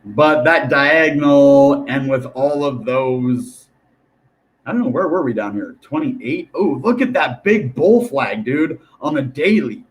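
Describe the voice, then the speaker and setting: A young man talking casually to viewers about crypto charts, rambling and animated, often calling them guys and dude. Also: mid-range voice, measured pace, highs cut off. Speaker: crypto YouTuber. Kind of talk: casual chart commentary to camera.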